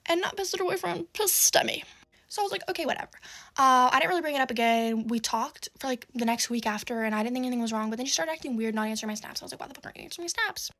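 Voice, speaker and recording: Teen girl ranting a storytime super fast, kinda high voice, says like constantly, swears a lot. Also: fairly bright tone. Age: teens. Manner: rapid, full of "like", swearing, exasperated asides. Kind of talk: casual storytime monologue.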